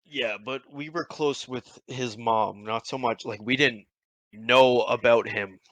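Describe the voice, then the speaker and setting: A man's voice: mid-range voice, steady tone, slow, fairly bright tone, no echo, rough recording. A young man hosting a podcast, telling a story in a rambling, profane way with many restarts. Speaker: podcast host. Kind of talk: casual storytelling.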